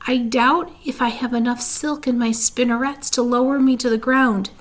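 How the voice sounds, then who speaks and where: A woman reading a storybook aloud, voicing a wise, calm female spider who speaks quietly and gently. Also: fairly high pitch, moderate pace, lightly acted.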